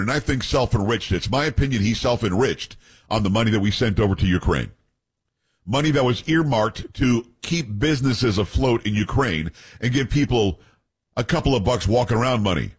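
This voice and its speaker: A man's voice: on the low side, breathy edge. A man hosting a talk radio show, reading news aloud with blunt opinions and joking asides to his co-hosts.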